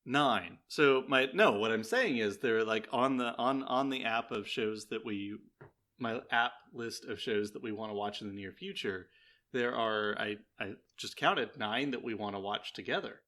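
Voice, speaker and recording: A man's voice: fairly low pitch, normal speed, sharp tone. A man co-hosting a casual podcast chat, joking and teasing the others. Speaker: podcast co-host.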